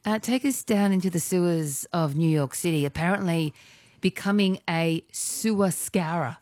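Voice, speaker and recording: A woman hosting a casual news chat show, a lively storyteller who laughs often. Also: fairly low pitch, moderate pace, dry recording, studio quality. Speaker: radio show host.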